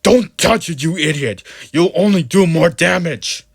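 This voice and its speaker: A man voicing a stern, hot-tempered village priest who shouts in anger, in a dry, close recording. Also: on the low side, expressive, fast, gravelly, slightly rough, no echo, heavily acted. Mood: furious.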